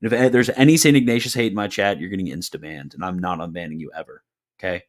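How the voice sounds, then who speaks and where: A young man hosting a livestream, casually answering chat questions with offhand, deadpan replies and quick jokes. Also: low-pitched.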